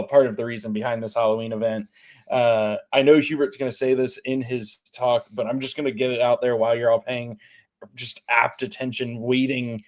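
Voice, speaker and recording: A man of middling pitch co-hosts a game studio's livestream Q&A. He talks in a casual, friendly, easygoing way. He answers chat questions and hands off to his co-host. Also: a little mellow. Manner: casual and friendly, uses "y'all".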